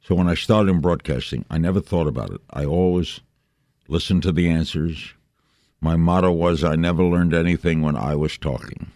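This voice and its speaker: A man in his eighties from New York, a veteran broadcaster telling stories in a brisk, rambling interview chat. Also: sits low, darkish tone, no echo, clean studio sound. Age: 80s. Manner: brisk, anecdotal, jumps between thoughts.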